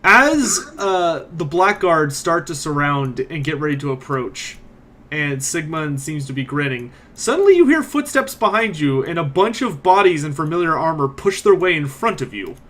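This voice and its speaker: Higher-voiced man narrating as game master. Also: normal speed. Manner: animated, voices every figure.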